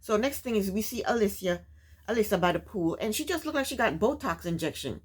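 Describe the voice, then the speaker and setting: A woman hosting a casual reality TV recap, chatty and opinionated, often questioning the cast out loud. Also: mid-range voice, expressive, a little fast, slightly rough. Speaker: recap host.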